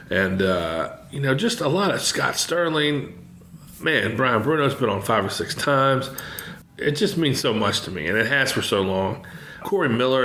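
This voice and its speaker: A man's voice: on the low side, a bit bright, slight background noise. A man hosting a podcast, talking in an enthusiastic, rambling, profane way. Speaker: podcast host. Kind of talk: casual monologue. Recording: echoey room.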